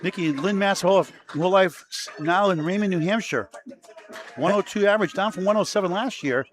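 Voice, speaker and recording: A man's voice: high voice, a little fast. A man doing color commentary at a bowling match, reeling off player stats and sponsor plugs with joking banter. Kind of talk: live sports commentary.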